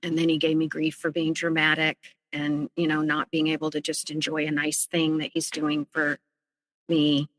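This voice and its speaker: Low-voiced woman telling her own story. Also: completely flat delivery, a bit bright, no room sound, long reverb tail, low-quality recording. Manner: earnest and halting, often restarting sentences. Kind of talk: personal storytelling.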